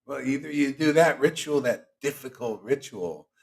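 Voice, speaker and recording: A man's voice: mid-range voice, moderate pace, vocal fry. A man as spiritual teacher, giving a casual, teasing devotional sermon to an online group.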